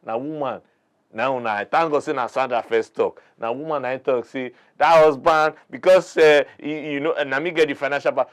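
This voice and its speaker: A man's voice: mid-range voice, steady tone, a little fast. A man with a Nigerian accent, a guest in a talk-show debate, arguing his side in an emphatic, preachy way. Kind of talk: heated debate argument.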